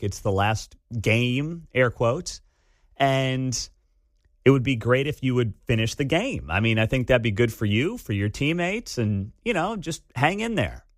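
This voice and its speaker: A man in his thirties hosting a talk radio show, telling a family story in a casual, animated way. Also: mid-range voice, no room sound, clean studio sound. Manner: storytelling, animated when quoting his kids. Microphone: studio microphone.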